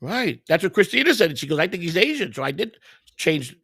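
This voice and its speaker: A man hosting a podcast, telling a crude comic story in a profane, animated way. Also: a little high, brisk, creaky, husky, dry recording, clean studio sound. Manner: profane, animated, acts out other people's voices in quotes. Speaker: podcast host.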